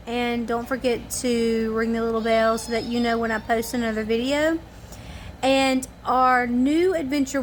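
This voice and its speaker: Tired, chatty woman, higher voice. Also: slight background noise. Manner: rambling, homespun, chatty. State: tired and yawning. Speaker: family vlogger. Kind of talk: casual chat to camera. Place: at home in the evening.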